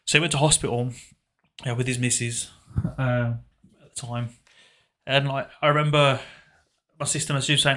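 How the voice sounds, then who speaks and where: A young man on a podcast, recounting a painful memory in a halting, reflective way, often trailing off quietly. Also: medium pitch, fairly even intonation. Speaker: podcast co-host. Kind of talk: casual emotional conversation.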